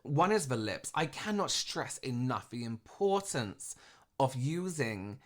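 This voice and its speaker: A man's voice: mid-range voice, sing-song. Blunt man critiquing like a makeup artist. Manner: frank, rambling critique with quick asides. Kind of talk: critiquing on a reaction video.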